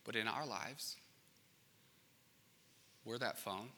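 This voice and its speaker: Animated preacher in a ringing hall. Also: male voice, on the low side, slow, slight background noise. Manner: animated storytelling, acts out panicked voices, swings from loud to hushed. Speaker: pastor. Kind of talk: sermon. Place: large church auditorium. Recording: long reverb of a big hall.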